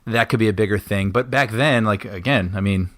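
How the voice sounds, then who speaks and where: A man co-hosting a podcast film commentary, talking in a lively, conversational way and laughing often. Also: lowish voice, fairly quick, dry recording, studio quality. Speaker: podcast co-host. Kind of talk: casual film commentary chat.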